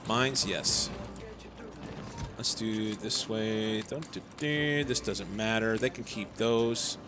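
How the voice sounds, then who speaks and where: Young guy streaming a game, rambly and chatty, reads chat out loud, game music going behind. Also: fairly low pitch, steady tone, slow pace. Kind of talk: casual live-stream commentary.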